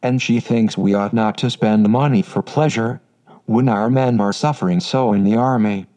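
A man reading the lines of a wistful, complaining eldest sister in an even, unacted synthetic voice. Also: lowish voice, moderate pace, natural voice.

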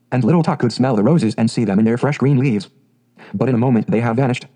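A man narrating a fairy tale audiobook in a steady, measured way. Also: mid-range voice, poor audio.

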